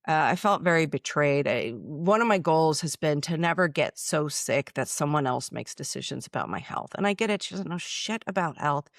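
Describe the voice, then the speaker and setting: A woman's voice: deep voice, dry recording, studio quality. A woman speaking bluntly and emotionally about her own illness, filmed in her office. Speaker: chiropractor and author. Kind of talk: personal testimony.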